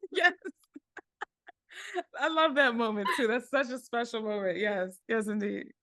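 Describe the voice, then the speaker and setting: Lively, laughing woman guest on a dry mic. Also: fairly high pitch, slow pace, no echo. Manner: laughing, animated reactions. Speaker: podcast guest. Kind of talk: casual chat.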